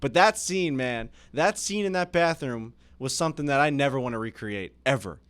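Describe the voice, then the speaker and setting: A young man co-hosting a podcast, telling a story in an animated way, yelping and shouting as he goes. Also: mid-range voice, normal speed, clean tone. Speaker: podcast co-host. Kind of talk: casual chat.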